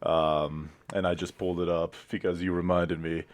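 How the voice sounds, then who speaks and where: A man's voice: low voice, level tone, normal speed, a little hiss or hum. A young man co-hosting a podcast in casual, teasing chat. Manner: joking, teasing. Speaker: podcast co-host.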